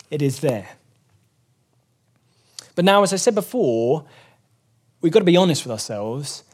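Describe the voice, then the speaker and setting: A man's voice: on the high side, darkish tone, breathy edge. A man preaching a sermon, earnestly explaining scripture and rising emphatically when he quotes it.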